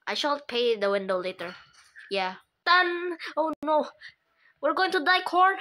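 A woman giving casual, playful commentary over a video game, excitable and making her own sound effects. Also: sits high, measured pace. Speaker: gameplay commentator.

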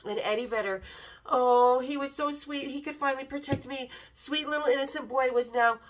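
A woman hosting a podcast, candidly telling a story with swearing and animated quoted lines. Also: sits high, moderate pace, poor audio. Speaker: podcast host. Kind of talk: casual storytelling.

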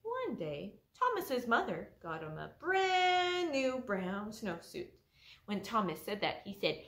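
A woman librarian leading a children's story time alone in an empty library, telling the story in an animated way. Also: fairly high pitch, takes it slowly. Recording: echoey library room.

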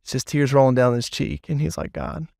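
A man's voice: medium pitch, a little fast, gravelly, no room sound, clean studio sound. A man, a children's pastor, telling a story with many fillers in a casual podcast chat. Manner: animated storyteller, lots of fillers.

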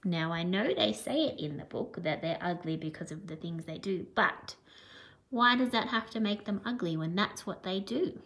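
A woman's voice: fairly low pitch, expressive, moderate pace, a bit bright. Woman teacher musing aloud over a story. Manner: musing, thinking aloud with hmm. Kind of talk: reading a picture book aloud and modeling questions.

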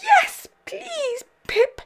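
A woman voicing a little girl who cries when she has lost her toy frog, in a high squeaky childlike voice. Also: animated, drawn-out words, full character voice. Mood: relieved. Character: tearful little girl Posy, sleepover guest.

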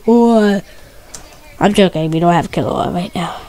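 A woman giving excitable, stuttery gameplay commentary, repeating her exclamations and swapping curses for mild words. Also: fairly low pitch, measured pace, pauses often, dry recording. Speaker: gamer.

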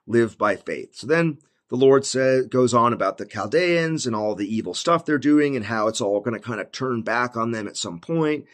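A man's voice: mid-range voice, animated. A man talking through a book of the Bible in a casual, laid-back way, full of "like" and "basically". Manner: slows down when reading old scripture aloud. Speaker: Bible commentator. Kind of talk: casual Bible study talk.

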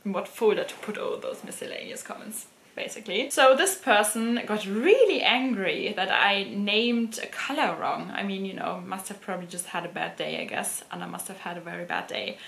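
A woman's voice: medium pitch, moderate pace, vocal fry, a bit bright. Giggly woman with a German accent. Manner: laughs and giggles often. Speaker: luxury fashion vlogger. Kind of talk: casual chat to camera. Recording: roomy echoey room.

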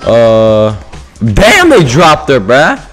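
Guy doing gameplay commentary on voice chat, super lively pitch, jumps from mumbling to yelling, music behind. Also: very slow. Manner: animated, swings from mumbling to loud yelling. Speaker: gaming YouTuber.

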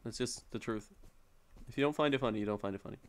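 A man's voice: medium pitch, fast talker, a little hiss or hum. A young man live-streaming a video game, chatting and joking casually with viewers, yelping and pleading when he is in trouble. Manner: jokey, playful, yelps and pleads when in danger. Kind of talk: casual live-stream chat while gaming.

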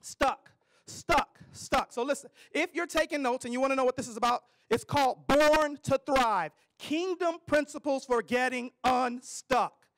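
High-voiced man preaching with call-and-response. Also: moderate pace. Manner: call-and-response preaching, rising to loud declarations. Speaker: preacher and ministry leader. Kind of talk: sermon.

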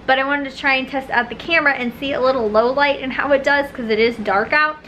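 Young woman, vlogger, rambling chatty talk, high voice, faint hiss behind. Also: steady tone, quick pace, bright, forceful tone, rough recording. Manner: chatty, rambling, talks straight to camera. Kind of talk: casual daily vlog chat. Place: outdoors at dusk, then in a car. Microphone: handheld camera mic.

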